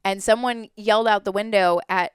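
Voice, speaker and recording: A woman's voice: mid-range voice, moderate pace, clear, resonant tone, no echo, clean studio sound. A woman in her twenties, a podcast guest, candidly telling a personal story in conversation. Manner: candid, animated, often acts out quoted voices.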